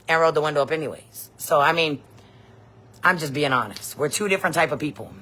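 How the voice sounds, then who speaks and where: A woman, telling a story in a blunt, profane, animated vlog rant. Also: low-pitched, fairly quick. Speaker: vlogger.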